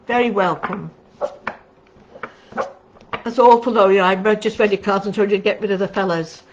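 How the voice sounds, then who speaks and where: A woman's voice: medium pitch, fairly even intonation, normal speed. A middle-aged woman giving a casual livestream tarot reading, chatty and affectionate, calling viewers darling. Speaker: tarot card reader. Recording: dull lo-fi recording with faint noise.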